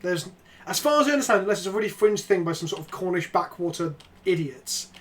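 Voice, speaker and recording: Sweary, excitable streamer man. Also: high-pitched, fast. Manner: swearing, joking, excitable outbursts. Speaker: streamer playing a card game. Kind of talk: casual game-stream chat.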